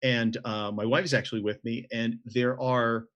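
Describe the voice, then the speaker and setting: A man's voice: mid-range voice, fairly even intonation, moderate pace, fairly bright tone, dull audio. A man from the Southern United States, a convention organizer, telling anecdotes in a casual chat. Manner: storytelling, anecdotal.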